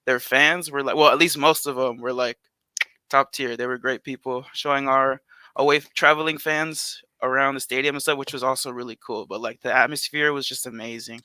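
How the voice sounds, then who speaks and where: A man's voice: mid-range voice, a little fast, clean tone, dry recording. A man co-hosting a casual podcast, talking animatedly with lots of "like". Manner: animated, heavy use of "like". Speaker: podcast co-host.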